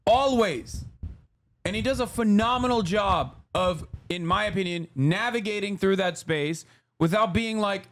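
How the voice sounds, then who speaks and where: A man's voice: sits high, a little slow, fairly bright tone. A man streaming a reaction video, talking in a heated, emphatic, profane way. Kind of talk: casual reaction commentary.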